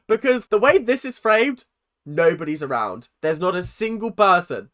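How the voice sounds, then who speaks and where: Reaction host, bright sharp voice, emotional and sweary, casual commentary. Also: mid-range voice, expressive, moderate pace.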